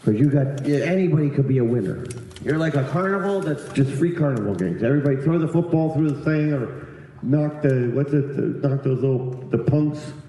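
A man's voice: medium pitch, fairly quick, warm tone, very echoey, poor audio. A man doing brash, profane stand-up crowd work, riffing with the audience from a club stage. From eastern United States.

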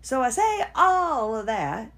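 A woman's voice: a little high, sing-song, slow pace, fairly bright tone. A woman in her fifties hosts a casual personal monologue from home. She rambles from one thought to the next and sometimes talks to herself. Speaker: podcast host. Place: at home, seated.

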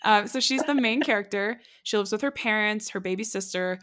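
Chatty giggly podcast co-host woman, mid-pitched, lots of filler. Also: brisk, fairly bright tone. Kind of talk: casual chat recapping a TV show.

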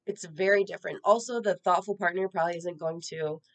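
A woman shares a personal story in a candid, conversational way. Her voice sits a little low, and her delivery is earnest and reflective. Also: fairly quick. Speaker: social media creator.

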